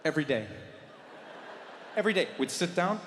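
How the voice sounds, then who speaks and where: A man with a South African accent telling an animated stand-up story on a theatre stage, acting out voices with big swings in volume. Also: on the high side, normal speed, slight background noise. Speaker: stand-up comedian. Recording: echoey hall, live stand-up.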